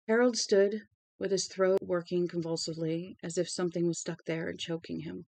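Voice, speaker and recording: Lady reading a novel out loud, kinda low voice, super dry. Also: steady tone, normal speed, creaky, no echo. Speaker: audiobook reader. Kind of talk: storybook narration.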